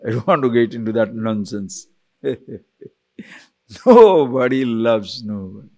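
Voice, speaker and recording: A man, a spiritual teacher giving an animated lecture on scripture, full of rhetorical questions and chuckles. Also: mid-range voice, measured pace.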